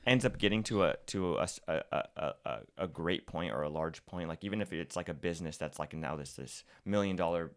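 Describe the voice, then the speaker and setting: A man's voice: sits low, fairly quick, hardly any pauses. A man, a podcast guest, talking casually and at length, often restarting and repeating words. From California's Central Valley. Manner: talkative, frequent restarts and repeats. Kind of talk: casual conversation.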